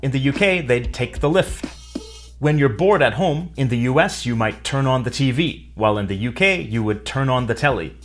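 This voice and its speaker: Clear man explaining English grammar. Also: medium pitch, animated, normal speed, a bit bright, faint music behind. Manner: clear, explanatory, dryly humorous. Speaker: English teacher. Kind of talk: scripted educational narration.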